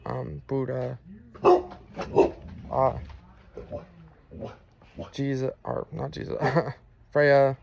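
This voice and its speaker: A man earnestly telling a personal religious testimony, halting often with fillers and restarts. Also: mid-range voice, gravelly, darkish tone.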